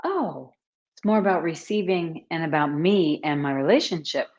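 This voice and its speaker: A woman hosting a casual live stream, chatting warmly and greeting viewers by name as she talks. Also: deep voice, normal speed. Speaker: host, author and coach. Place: at home, book behind her. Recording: slightly dull, lo-fi sound.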